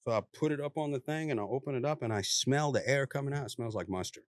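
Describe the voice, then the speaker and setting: Ex-cop guy telling a story, laid back drawl, mid pitch, no room sound. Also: fast, no echo. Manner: animated, acts out the people he quotes in a raised voice. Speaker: police officer telling a story. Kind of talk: casual storytelling in a podcast conversation.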